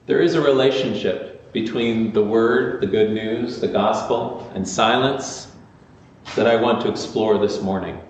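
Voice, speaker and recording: A man's voice: mid-range voice, slight background noise. Man preaching a sermon, conversational, heavy church echo, distant muffled mic. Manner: conversational, with fillers and restarts. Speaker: pastor. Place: large echoey church sanctuary. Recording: echoey muffled church recording from far off.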